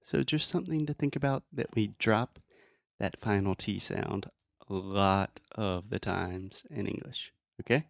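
A man teaching English pronunciation in a relaxed, friendly chat, often demonstrating sounds. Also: on the low side, a little slow, creaky, no echo, studio quality.

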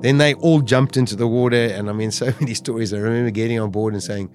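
A man's voice: mid-range voice, steady tone, fast, darkish tone, soft background music. A man telling a survival story as an interview guest, acting out the words he and others once said. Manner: vivid storytelling that acts out its own remembered speech.

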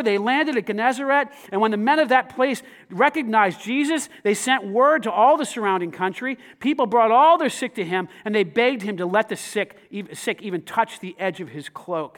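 High-voiced animated preacher man. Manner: animated, swings from loud emphasis to quiet asides; conversational, asks the congregation questions. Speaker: pastor. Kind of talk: sermon.

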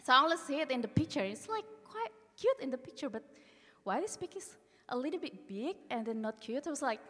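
Animated woman telling a story live. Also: high-pitched. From Indonesia. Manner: animated, halting non-native English with many restarts. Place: live event venue. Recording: live venue with long reverb.

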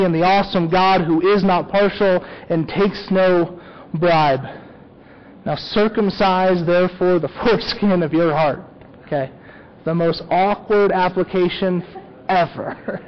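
A man's voice: high-pitched, dull audio. A man preaching a sermon as a pastor, talking conversationally and often checking in with "okay?".

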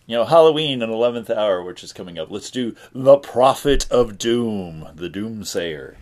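Low-voiced man interviewer, halting. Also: lively intonation, a little mellow. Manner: halting, filler-heavy, friendly prompts. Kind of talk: casual interview. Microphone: call recording.

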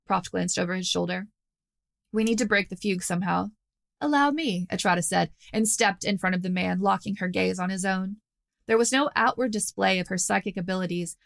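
A woman reading an audiobook with steady storytelling. Her voice sits at a middle pitch with noticeable vocal fry. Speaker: narrator. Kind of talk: audiobook narration.

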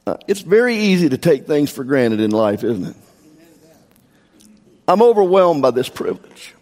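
A man's voice: a little high, very animated, normal speed, long pauses, darkish tone. Older male pastor preaching in a reverberant church. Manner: earnest, emotional, leads congregation in scripture reading. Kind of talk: sermon. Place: church sanctuary. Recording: long hall reverb.

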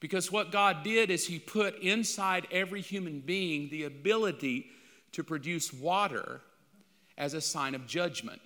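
Male pastor, sermon delivery, emphatic with loud peaks, slightly high voice, echoing hall. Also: unhurried. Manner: emphatic, rising to loud bursts.

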